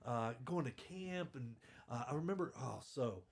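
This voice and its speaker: A man's voice: medium pitch, lively intonation, normal speed, vocal fry, slightly rough. A man hosting a podcast, telling stories in a rambling, self-deprecating way and laughing through them. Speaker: podcast host. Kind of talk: casual storytelling chat.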